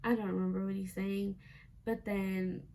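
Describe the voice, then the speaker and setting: A woman's voice: mid-range voice, little pitch movement, normal speed, mellow. A young woman vlogger telling a casual storytime, chatty and full of "like" fillers, acting out quoted lines.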